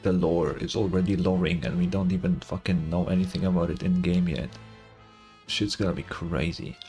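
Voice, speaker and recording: A man's voice: sits low, level tone, normal speed, a little mellow, faint music behind. A young man reacting to a game on stream, casual, joking and swearing.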